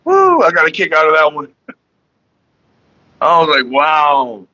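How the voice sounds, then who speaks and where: Young man, casual joking vlog talk, bright tense voice, dry dull lo-fi audio. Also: fairly high pitch, huge pitch swings, a little slow, no echo. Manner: joking, laughing often, rapping along. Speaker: vlogger. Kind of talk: casual rambling monologue.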